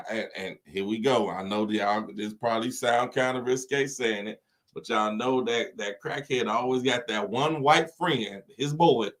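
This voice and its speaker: A man co-hosting a podcast, trading profane comic stories and laughing often. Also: mid-range voice. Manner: profane, loud laughing, storytelling. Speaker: podcast co-host. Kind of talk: raunchy comedic banter.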